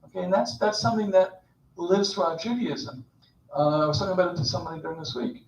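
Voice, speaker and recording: A man's voice: high voice, fairly even intonation, fast talker. A man giving an informal, chatty sermon at a Shabbat service, with digressions and jokes. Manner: conversational, digressive, joking asides. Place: temple sanctuary. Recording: distant, echoey, dull.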